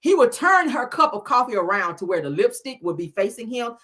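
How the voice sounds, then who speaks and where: Woman, middle-aged, host, casual chat, husky, bright tone, animated, profane. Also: a little high, brisk.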